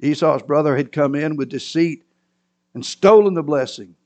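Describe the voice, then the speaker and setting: A man delivering a sermon in a fairly high voice. He retells the story dramatically, dropping low and then rising to sudden cries. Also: normal speed, a little mellow. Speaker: preacher.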